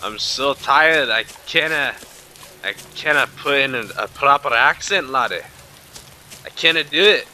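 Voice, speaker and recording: A man's voice: mid-range voice, expressive, unhurried, pushed and bright, slight background noise, voice pushed up. A man voicing a tired, tipsy Scottish man in a mock Scottish accent, exaggerated and slurred. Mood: weary.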